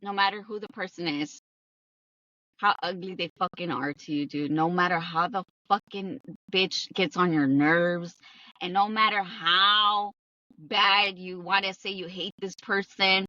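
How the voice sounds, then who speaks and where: A woman's voice: on the low side, steady tone, unhurried, sharp tone, no echo, recorded from a distance, highs cut off. A young adult woman hosting a podcast, talking bluntly in a casual monologue, swearing often and repeating herself for emphasis. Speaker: podcast host.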